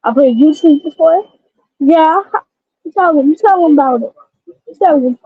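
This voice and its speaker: A woman streamer chatting casually to a baby, cooing and halting, repeating her words. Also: sits high, dry recording. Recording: tinny phone-like dry sound.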